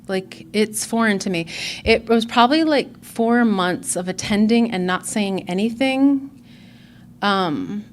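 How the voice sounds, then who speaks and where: A woman's voice: mid-range voice, a little hiss or hum. A woman in her forties giving an earnest, candid personal testimony as a speaker at a recovery conference.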